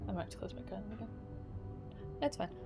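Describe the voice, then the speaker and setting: A woman streaming a game, reading its letters aloud and breaking off for quick asides and laughs. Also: mid-range voice, animated, loud music behind the voice.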